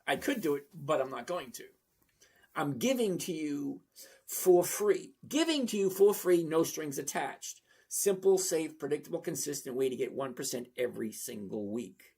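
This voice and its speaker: This sixty-something trading channel host talks bluntly and wanders off topic while going through viewer comments on his casual livestream. His voice is a little high and expressive, gravelly yet a little mellow and husky, delivered at normal speed.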